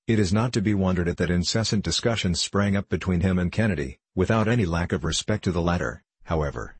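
A man reading a classic adventure novel aloud as a narrator, in a measured, formal storytelling delivery. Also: deep voice, slightly rough, no room sound. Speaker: audiobook narrator. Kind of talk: scripted narration.

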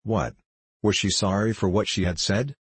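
A man's voice: on the low side, normal speed, breathy edge, no echo. Bianca, a man reading as a chattering young maid. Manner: gossipy, excitable reading.

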